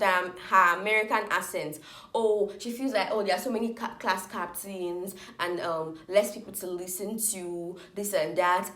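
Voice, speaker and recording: A young woman talks straight to her viewers, sassy and exasperated. Her voice sits in a middle pitch. It rings off the walls of an echoey room. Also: a bit bright. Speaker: reality TV reviewer. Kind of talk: casual opinionated commentary.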